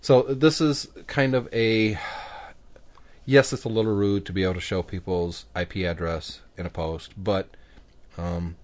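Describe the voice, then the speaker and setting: A man's voice: low voice, fairly even intonation, unhurried. A man hosting a podcast, talking in an easygoing, chatty way with lots of fillers and restarts. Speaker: podcast host. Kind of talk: casual chat.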